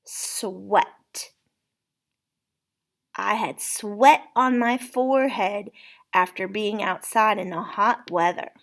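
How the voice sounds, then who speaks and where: A woman's voice: mid-range voice, steady tone, a little slow, a bit bright. A woman teaching a spelling lesson, patiently sounding out words letter by letter for a child.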